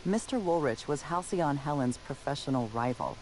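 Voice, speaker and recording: An actor voicing a formal, dry-witted detective robot in a video game, speaking with precise deadpan delivery. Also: male voice, fairly high pitch, normal speed, a little hiss or hum, poor audio.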